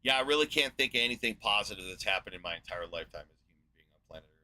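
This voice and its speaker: A man in his forties rants in a sarcastic, profane monologue, trailing off into fillers as he hunts for his next point. His voice sits fairly low but has a very bright, cutting edge. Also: lively intonation, rough recording. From United States. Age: 40s. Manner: rambling with pauses and fillers. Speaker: video host. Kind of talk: ranting monologue.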